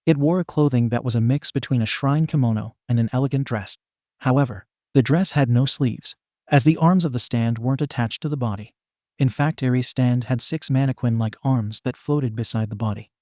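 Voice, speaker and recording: A man narrating a fan fiction story in a plain, steady reading. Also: medium pitch, a little fast, dry recording, clean studio sound.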